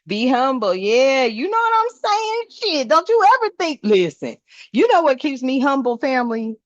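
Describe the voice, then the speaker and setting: A woman's voice: medium pitch, no echo. A woman doing a tarot reading in a casual chat, laughing often and swearing freely in slangy speech. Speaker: tarot reader. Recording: dull, slightly lo-fi sound.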